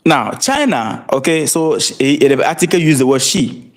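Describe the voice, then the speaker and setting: A man's voice: on the high side, lively intonation, normal speed. A man with a Ghanaian accent giving live-streamed political commentary, emphatic and rhetorical, often repeating words and asking viewers to comment. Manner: repeats and restarts words, laughs between points. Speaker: livestream commentator.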